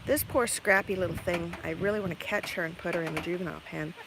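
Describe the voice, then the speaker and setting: A woman's voice: fairly low pitch, steady tone, fast. A woman vlogger telling a rambling story while feeding chickens outdoors on a farm, laughing often. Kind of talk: casual storytelling while doing farm chores. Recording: outdoor recording with clear background noise.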